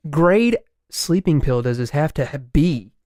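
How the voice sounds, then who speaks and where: A young man co-hosting a podcast, retelling a story in casual chat, animated, swearing and laughing. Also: a little high, a little slow, no echo, studio quality. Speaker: podcast co-host.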